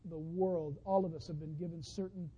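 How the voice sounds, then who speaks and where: A man preaching a sermon, telling a story as he goes, dropping from hushed to loud excited outbursts. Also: on the high side, moderate pace, slight background noise, poor audio. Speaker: pastor.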